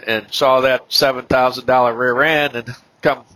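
A middle-aged man with a bright, forward voice tells a personal testimony as a podcast guest. His delivery is halting, full of fillers and restarts, at an everyday pitch for a man. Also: steady tone, no echo, poor audio.

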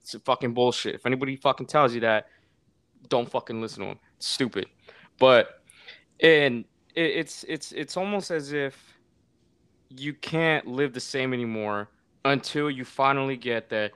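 A man's voice: medium pitch, normal speed, fairly bright tone, smooth, dry recording. A man chatting casually as a podcast co-host, emphatic and profane. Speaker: podcast co-host, former military recruiter. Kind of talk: casual chat.

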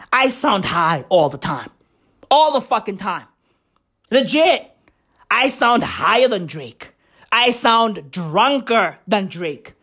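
A woman hosting a comedy podcast, ranting loudly with constant swearing and bursts of laughter. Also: medium pitch, husky. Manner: profane, rowdy, loud and laughing. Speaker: podcast host.

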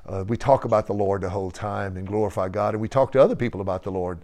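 A man leading a church gathering, telling an animated testimony with laughter and frequent praise. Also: fairly low pitch, fast talker. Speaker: church fellowship leader.

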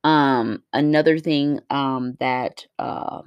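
A woman's voice: a bass voice, takes it slowly, clear, resonant tone, no echo, highs cut off. A woman, a mother, venting in a casual vlog, blunt and profane, rambling with lots of fillers. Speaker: mother vlogging about her day.

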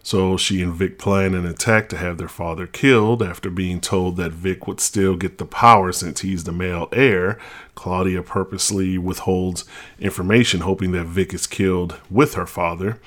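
A man's voice: low voice, fairly even intonation, moderate pace, fairly bright tone. A man hosting a podcast, giving a blunt, opinionated and chatty spoken review of a TV show. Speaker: podcast host reviewing TV shows.

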